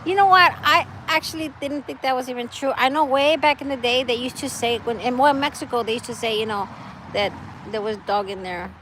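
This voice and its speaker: Woman, high voice, casual outdoor live-stream chat, laughs often, faint background hiss. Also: a little fast, fairly bright tone, poor audio. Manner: chatty, laughs often, reads out viewer comments. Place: outdoors, wind and trees nearby.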